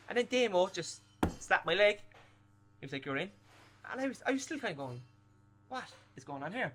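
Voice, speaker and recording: A man, a former footballer telling animated stories in a casual interview and swearing freely. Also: fairly high pitch.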